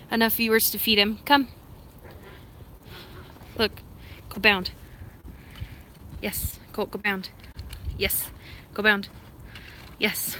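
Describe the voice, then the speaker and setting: A woman hosting a casual live stream, talking to viewers, laughing often and giving short, firm commands to her excited dog. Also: medium pitch, slight background noise. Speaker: live-stream host training and feeding her service dog.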